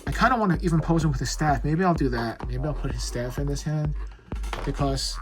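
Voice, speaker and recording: Over background music, a man with a slightly high voice reviews an action figure at a fairly quick pace. He's casual, blunt and frustrated, rambling as he fiddles with the toy at home.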